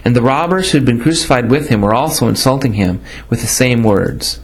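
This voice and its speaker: Over poor audio, a man with a mid-range voice reads scripture at a brisk clip. The reading stays plain and steady, apart from the odd stumble he stops to correct.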